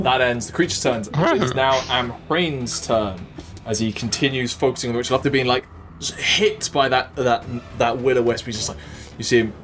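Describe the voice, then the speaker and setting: A man with a Welsh accent narrating a tabletop game as dungeon master, descriptive and hesitant with frequent ums. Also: medium pitch.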